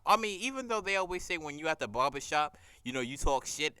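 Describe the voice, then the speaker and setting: A man recapping a TV episode in casual, profane chat, animated and laughing as he acts out scenes. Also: a little high, fairly quick, hardly any pauses, clear, resonant tone, dry recording.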